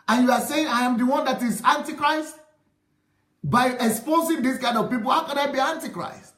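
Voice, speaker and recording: Impassioned pastor, high-pitched. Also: male voice. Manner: impassioned, repetitive, rising to shouts. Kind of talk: commentary on a video. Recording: roomy echo.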